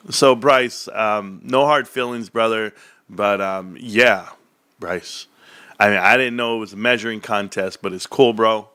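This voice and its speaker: A man's voice: on the low side, a little slow, sharp tone, clean tone, no echo, studio quality. A man in his forties rambling and joking to his viewers in a casual rant. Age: 40s. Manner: rambling, joking, tangent-prone. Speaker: stock market vlogger.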